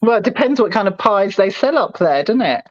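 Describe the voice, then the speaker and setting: A woman's voice: mid-range voice, fairly quick, dull audio. A woman with a London accent, co-hosting a casual chat and telling stories with lots of laughter. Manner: laughing, animated storytelling. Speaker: podcast co-host. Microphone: phone.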